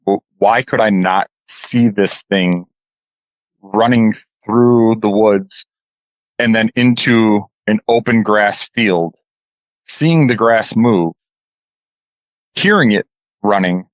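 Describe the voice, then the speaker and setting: A man telling a deeply personal story as a radio interview guest, earnest and halting, holding back tears. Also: no room sound, poor audio. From California.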